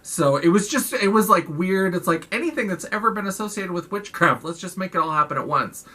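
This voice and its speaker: Female vlogger, casual and profane film recap, bright forward tone. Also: on the low side, lively intonation, a little fast. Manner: chatty, profane, lots of "like".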